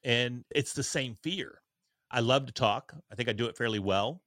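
A man in his forties, a podcast guest on a video call, telling candid stories in an earnest, energetic, self-deprecating way. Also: medium pitch, normal speed, dry recording. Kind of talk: candid conversational storytelling.

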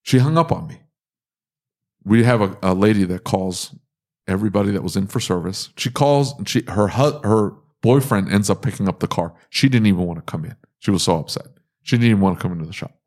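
A man co-hosting a podcast, telling animated stories with blunt jokes and frequent laughs. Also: on the low side, fairly quick. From Kansas City area. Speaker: podcast co-host. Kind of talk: casual chat.

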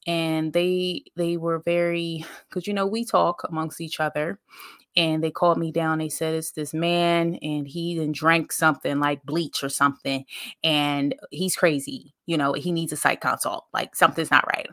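A woman's voice: low-pitched, flat delivery, moderate pace, fairly bright tone, no echo, clean studio sound. A woman podcast host speaking, telling a story in a conversational, emphatic, faith-filled way and talking straight to her listeners. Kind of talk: casual storytelling monologue.

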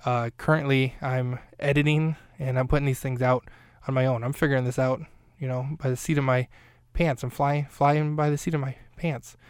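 A man's voice: medium pitch, fairly even intonation, moderate pace, hardly any pauses, clear, resonant tone, dry recording, studio quality. A man hosting his own podcast, recapping an episode on his own in a casual, rambling way with self-deprecating jokes and asides. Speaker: podcast host.

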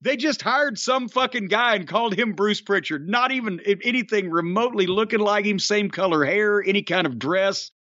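A man's voice: high-pitched, normal speed, hardly any pauses, bright, forceful tone, dry recording, dull audio. Older male podcast host; raised voice, profane storyteller, opinionated, dry close sound. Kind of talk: casual chat.

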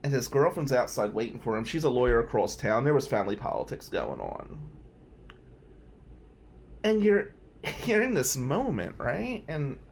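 A middle-aged man telling a personal story with raw, blunt candor. His pitch rises and falls a lot as he recounts what happened. A faint hiss of room noise sits under his voice. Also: wildly swooping pitch, moderate pace, vocal fry. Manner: candid, emphatic, with some swearing. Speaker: podcast host.

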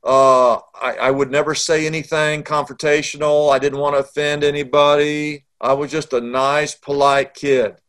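A man's voice: a little high, flat delivery, normal speed, hardly any pauses, a bit bright. A middle-aged man, a pastor telling a story in an interview and acting out the dialogue.

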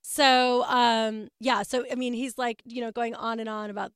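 A woman talks on a talk show in a dry, close studio sound. Her voice sits a little high. She tells family stories animatedly, jumping up in pitch whenever she quotes someone. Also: normal speed, clean tone, dry recording. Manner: animated storyteller, acts out quotes with big pitch jumps. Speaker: guest. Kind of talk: casual chat.

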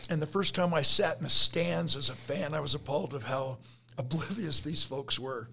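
A man hosting a podcast interview, eager and quick to jump in, sharing lessons through sports metaphors. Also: a little high, creaky, pushed and bright, a little hiss or hum. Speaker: podcast host. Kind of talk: conversational interview.

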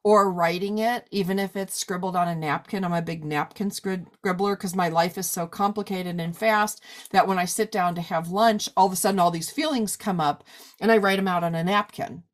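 A woman's voice: on the low side, fairly even intonation, brisk. Chatty woman podcast host. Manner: chatty, lots of "like" and "you know". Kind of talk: casual interview chat.

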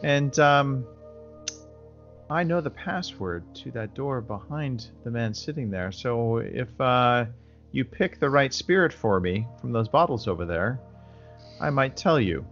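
A man's voice: medium pitch, animated, fairly bright tone, highs cut off, faint music behind. A man voicing a polite, persuasive male adventurer in a tabletop game. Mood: courteous. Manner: slow, courteous, persuasive. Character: adult male adventurer, polite and smooth-talking.

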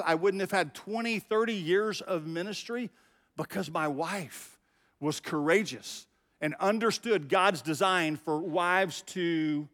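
A man's voice: a little high, fairly bright tone, long reverb tail. A middle-aged man preaching a sermon as pastor, talking conversationally and directly to his congregation. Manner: conversational, talks straight to the congregation.

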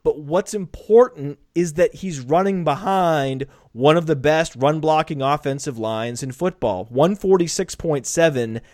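A man hosting a podcast in casual analytical chat, brisk and stats-heavy with jokes thrown in. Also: fairly high pitch, a little mellow, no echo, clean studio sound. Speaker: podcast host.

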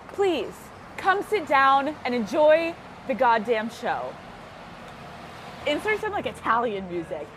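A woman's voice: sits high, very animated, measured pace, a little hiss or hum. A woman podcast host vlogging outdoors on city streets, bubbly, laughing often and swearing freely. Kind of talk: travel vlog, talking to camera.

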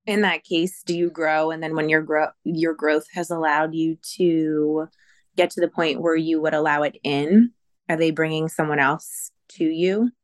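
A woman guest in a casual chat, asking curious questions at a quick clip. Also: low voice, steady tone, dry recording. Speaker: podcast guest.

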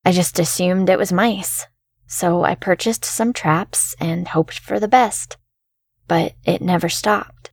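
A woman reading a first-person horror story in a calm, measured way as the show's narrator. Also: lowish voice, creaky, slightly rough, no room sound, clean studio sound.

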